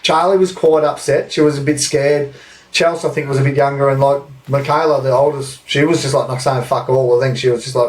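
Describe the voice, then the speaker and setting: A man's voice: a little high, a little fast, distant mic. A man in his thirties with an Australian accent, telling a rambling anecdote on a podcast and swearing freely. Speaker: podcast host. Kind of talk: casual storytelling.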